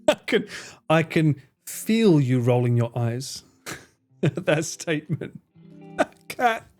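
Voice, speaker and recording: Joking British streamer. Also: male voice, fairly high pitch, very animated. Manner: banter with chat, frequent swearing, quick jokes. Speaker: live streamer. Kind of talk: casual live-stream chat. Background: faint guitar music.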